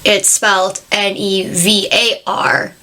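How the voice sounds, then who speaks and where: A woman's voice: mid-range voice, flat delivery, slow pace, sharp tone. A woman co-hosting a podcast, chatting casually and sharing facts she looked up. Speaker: podcast co-host. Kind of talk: casual chat.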